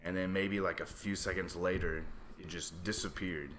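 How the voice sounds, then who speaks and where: A man with a very low voice telling a story in casual chat, rambling and full of likes. A faint background noise sits under his voice. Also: fairly even intonation, normal speed, fairly bright tone.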